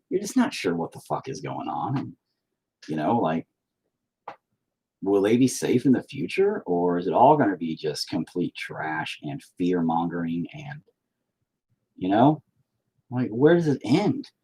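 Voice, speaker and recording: Profane rambling husky-voiced man. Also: low voice, big pitch swings, measured pace, long pauses, mellow. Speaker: livestreamer painting while chatting. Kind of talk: casual stream chat. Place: home, indoors.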